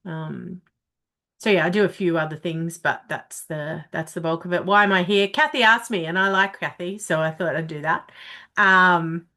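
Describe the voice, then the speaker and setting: A woman's voice: lowish voice, moderate pace, pushed and bright. A woman therapist introducing herself on a video call, talking frankly with many fillers and casual swearing. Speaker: parenting therapist and ambassador.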